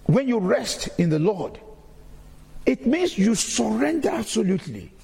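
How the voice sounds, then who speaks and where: A man's voice: high voice, very animated, a little slow, creaky, darkish tone, slightly rough, long reverb tail. A man giving a sermon-style testimony in a church, repeating key phrases as he preaches.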